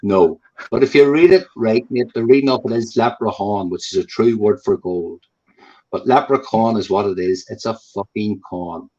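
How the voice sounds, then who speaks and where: A man's voice: fairly low pitch, normal speed, warm tone. A man from Northern Ireland with a Northern Irish accent, talking in blunt, profane casual chat and repeating himself for emphasis. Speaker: guest on a live chat stream. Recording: dull lo-fi call audio.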